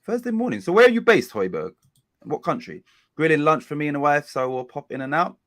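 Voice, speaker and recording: A man's voice: on the high side, very animated, brisk, fairly bright tone. A man hosting a football watch-along stream, talking in a rambling, chatty way and often correcting himself. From England. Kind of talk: casual live-stream chat.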